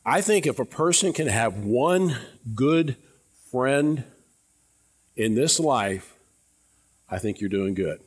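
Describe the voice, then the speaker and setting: A male pastor preaching a sermon to his church in an earnest, conversational way, often dropping to quiet, low tones and asking the congregation questions. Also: lively intonation, slow pace, pauses often, breathy edge. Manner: conversational, repeats words, asks the congregation questions.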